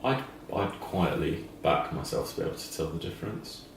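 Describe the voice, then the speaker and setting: A man with a very deep voice chats as podcast co-host, measured and drily understated. He's recorded from a distance in a heavily echoing room. A faint background hiss sits under him. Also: lively intonation, creaky. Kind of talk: casual chat. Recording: echoey room, distant mic.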